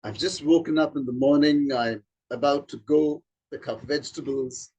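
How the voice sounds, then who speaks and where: A man, a trainer, explaining slowly and demonstrating vowel sounds. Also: a little high, fairly even intonation, a little mellow, slightly rough, poor audio. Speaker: accent trainer. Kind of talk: informal spoken explanation.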